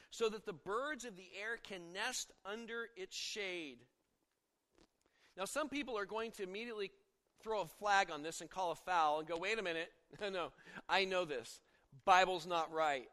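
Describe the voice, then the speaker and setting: A man's voice: high-pitched, fairly bright tone. A middle-aged man preaching a sermon as a pastor, talking conversationally and telling stories, often breaking off and restarting mid-sentence. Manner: conversational, storytelling, self-interrupting. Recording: long hall reverb.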